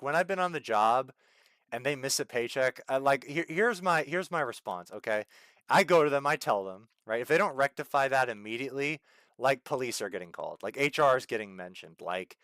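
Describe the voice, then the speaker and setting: A man with a hoarse voice chatting casually while streaming a game, ranting in exasperation and swinging between loud outbursts and low mutters into a desk mic. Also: no room sound, studio quality. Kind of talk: casual gameplay stream chat.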